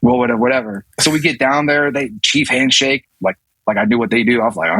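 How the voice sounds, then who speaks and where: A man's voice: medium pitch, animated, fast, gravelly, hardly any pauses, sharp tone, no room sound, low-quality recording. A man in his thirties, a navy command master chief and podcast guest, telling a story casually with many restarts and acted-out quotes. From US South.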